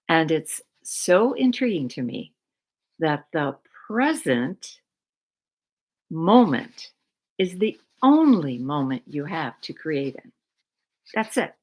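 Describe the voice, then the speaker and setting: A middle-aged woman giving a slow, reflective talk on mindful living, repeating words with long pauses. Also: on the low side, poor audio.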